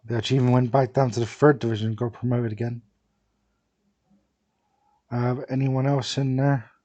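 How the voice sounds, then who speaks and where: A young man casually commenting on a football management game, thinking aloud with many fillers and pauses. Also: medium pitch, little pitch movement, mellow. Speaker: gaming video creator.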